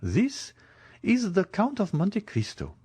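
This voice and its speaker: Audiobook: man doing a gushing high-society baroness, lively, dry read. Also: slow pace, slightly rough, no echo, heavily acted. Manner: effusive, flattering. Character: scheming wealthy baroness, gushing.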